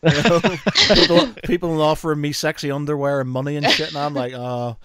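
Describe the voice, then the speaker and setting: A man's voice: a little high, fast, fairly bright tone, smooth, dry recording. A man hosting a casual podcast chat, rambling, laughing often and saying "mate" and "you know".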